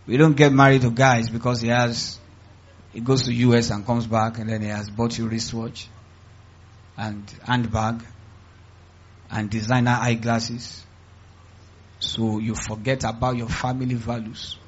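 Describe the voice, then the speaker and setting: A male pastor with a Nigerian accent delivering a sermon in church, emphatic and call-and-response, swinging from quiet asides to loud cries. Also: mid-range voice, flat delivery, measured pace, long pauses, breathy edge, lo-fi sound.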